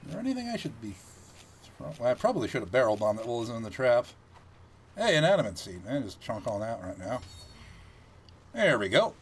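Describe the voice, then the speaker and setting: Animated man thinking aloud over gameplay. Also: mid-range voice, a little fast, pauses often, husky. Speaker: gameplay commentator. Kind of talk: casual gameplay commentary.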